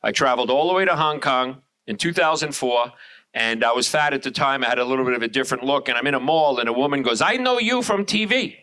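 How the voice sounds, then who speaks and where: A middle-aged man from Long Island, doing loud, brash, crude stand-up and crowd work on a showroom stage. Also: mid-range voice, fast. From Long Island, New York. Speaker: stand-up comedian. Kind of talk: live stand-up comedy.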